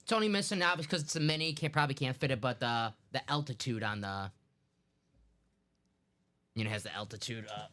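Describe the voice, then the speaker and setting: A man's voice: mid-range voice, fairly quick, long pauses, sharp tone. A man co-hosting a live sports card break, easygoing and giving short agreeing replies. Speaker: co-host. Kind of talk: casual live-stream chat.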